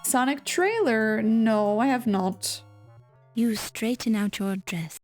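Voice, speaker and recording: A woman's voice: a little high, expressive, a little mellow. A woman streaming a game, chatting and reading its text aloud with stumbles and restarts. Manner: unhurried, reads with stumbles and restarts. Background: faint game music.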